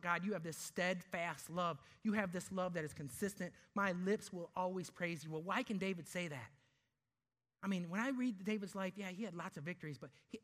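With a high, fairly bright voice, this male pastor preaches emphatically. He asks rhetorical questions and slows his delivery to land key words.

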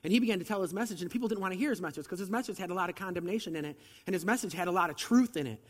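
A man's voice: sits high, rapid-fire, big-room sound. A man preaching a sermon in a conversational way, asking the audience rhetorical questions, and he has a slight cold.

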